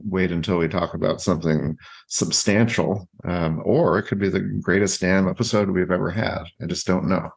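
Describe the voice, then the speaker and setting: Gravelly low-voiced hesitant man. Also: steady tone, no room sound. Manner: halting, repeats words, teasing. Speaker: podcast co-host. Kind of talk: casual podcast banter.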